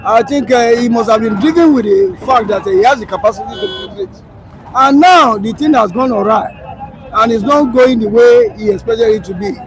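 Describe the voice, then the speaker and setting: A man's voice: very high-pitched, lively intonation, moderate pace, a crowd in the background, low-quality recording. A man giving political commentary on a talk show, emphatic, with rhetorical questions and frequent hesitations.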